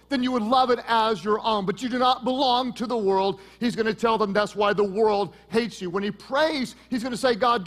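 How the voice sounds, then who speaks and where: A middle-aged man preaching a sermon as pastor, joking and lively, with sudden loud peaks. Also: high-pitched.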